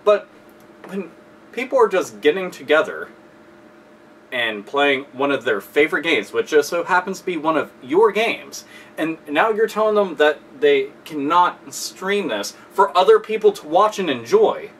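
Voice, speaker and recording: Man, angry rant, constant swearing, sarcastic, high voice, bright edge, a bit distant from the mic. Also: big pitch swings, unhurried, slight background noise. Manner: heavy profanity, exasperated, sarcastic. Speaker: video host. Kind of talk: angry ranting commentary.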